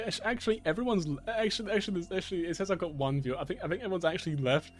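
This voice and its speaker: Giddy high-pitched streamer. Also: male voice, rapid-fire, hardly any pauses. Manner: giddy, rambling, stammering, keeps laughing and repeating himself. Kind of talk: live gameplay commentary. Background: faint game music.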